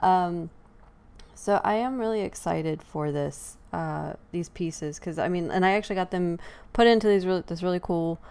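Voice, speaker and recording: A woman with a fairly low, gravelly voice of darkish, smooth tone speaks at normal speed. She's hosting a casual live online chat, chatting loosely with plenty of fillers and frequent laughter.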